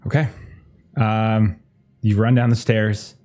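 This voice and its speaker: A man with a fairly low voice narrating a tabletop game as its game master. He describes scenes loosely and conversationally, padding his sentences with fillers. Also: little pitch movement, slow, dark tone.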